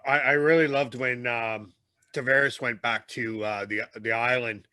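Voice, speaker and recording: A man co-hosting a casual podcast asks slow, hesitant questions. His voice is bright and a bit tense. The sound is dry and close. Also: medium pitch, fairly even intonation, dry recording. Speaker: podcast host.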